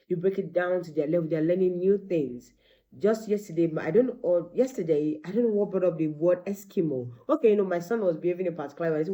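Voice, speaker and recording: A middle-aged woman, a teacher and mother, giving animated parenting advice and acting out bits of dialogue. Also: on the low side, a little fast. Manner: animated, acts out quoted dialogue.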